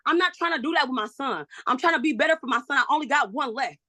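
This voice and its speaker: A woman's voice: high-pitched, animated, fast talker, bright, forceful tone, no echo. A woman testifying in a custody hearing, agitated and pleading, repeating herself out of frustration. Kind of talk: emotional courtroom testimony.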